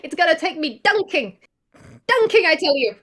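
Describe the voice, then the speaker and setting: A woman voicing a doting furry toon mother creature who gushes and coos excitedly in role-play. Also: very high voice, normal speed, full character voice. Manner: gushing, excitable, baby-talk cooing.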